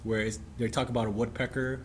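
A man's voice: medium pitch, flat delivery, quick pace, breathy edge. A man co-hosting a casual podcast chat, chiming in and explaining story plots. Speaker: podcast co-host. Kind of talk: casual chat among friends.

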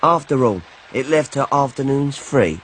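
A man's voice: medium pitch, expressive, normal speed, a bit bright, slight background noise, close to an everyday voice. An actor narrating as a wry grown man recalling his childhood, in dry, ironic tones, for a radio drama.

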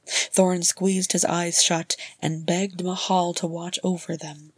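Woman audiobook narrator, lowish breathy voice, measured reading. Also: flat delivery, dry recording. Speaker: audiobook reader. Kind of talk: scripted narration.

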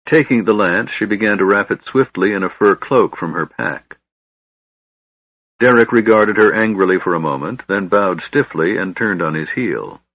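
A man reading fantasy narration in a steady, measured storytelling voice. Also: lowish voice, no echo, narrow, tinny audio. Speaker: audiobook narrator.

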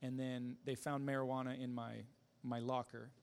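A man giving a personal testimony in a casual, halting way, with many fillers, restarts and self-deprecating laughs. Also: medium pitch, flat delivery, creaky.

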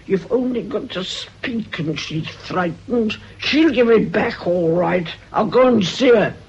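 A spiteful old woman who schemes and mutters threats, slow and husky in her delivery. This is a vintage radio play, its sound dull and lo-fi. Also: medium pitch, lively intonation, darkish tone, heavily acted. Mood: muttering, vengeful. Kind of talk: radio drama acting.

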